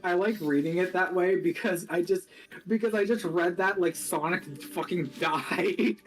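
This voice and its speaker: A man hosting a game stream in casual chat, animated, swearing constantly and laughing through his lines. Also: high voice, normal speed, soft background music. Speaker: streamer and host.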